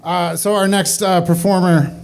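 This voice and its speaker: A man hosting a small comedy open mic, chatting loosely with the room and laughing at his own asides. His voice sits a bit high for a man, and he wanders from thought to thought between introductions. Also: level tone, normal speed, darkish tone. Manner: rambling, self-deprecating, laughs often. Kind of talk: casual emcee banter. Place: small venue with audience.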